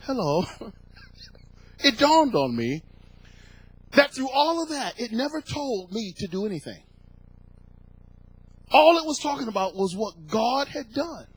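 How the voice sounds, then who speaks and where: High-voiced fervent preacher man. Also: big pitch swings, measured pace, long pauses, slightly rough, no echo, poor audio. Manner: preachy, building to fervent shouts, repeats phrases. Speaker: pastor. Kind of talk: sermon.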